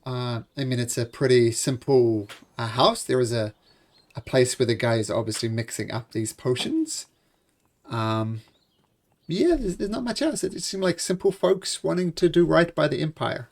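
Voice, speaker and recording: A man's voice: medium pitch, lively intonation, normal speed, gravelly. A man narrating a tabletop game as game master, hesitant, with many fillers and restarts.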